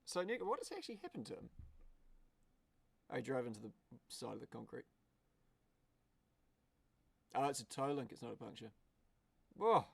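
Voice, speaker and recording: A man commentating a car race live on a stream. He is excitable and swears, breaking into shouts at the screen. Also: medium pitch, fast talker, gravelly, pauses often, slightly rough.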